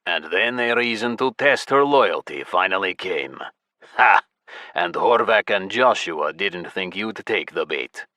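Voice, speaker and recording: A man's voice: deep voice, animated, a little slow, bright, forceful tone, dry recording, clean studio sound, heavily acted. A man voicing a smug, scheming male gnome clan leader who talks in a theatrical, condescending way in an audiobook.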